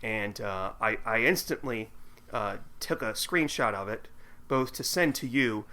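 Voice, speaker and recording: A man's voice: lowish voice, unhurried, bright, forceful tone. A man co-hosting a casual podcast chat, reading listener mail aloud with his own asides. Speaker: podcast co-host.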